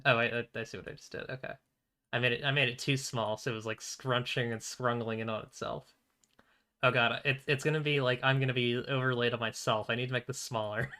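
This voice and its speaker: Bright-voiced man chatting over gameplay. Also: mid-range voice, fairly even intonation, fairly quick. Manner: rambling, keeps his voice down, frequent throat clearing. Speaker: streamer. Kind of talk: casual let's-play commentary.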